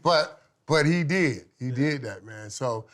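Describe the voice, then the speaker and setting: A middle-aged man, a former football player, telling lively stories as a podcast guest, laughing often and swinging from loud to hushed. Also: mid-range voice, slow pace. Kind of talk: animated storytelling in casual chat.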